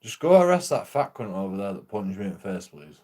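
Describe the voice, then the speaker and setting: A man's voice: lowish voice, big pitch swings, a little fast, mellow. A man casually telling a rambling, profane story while streaming a game, laughing often.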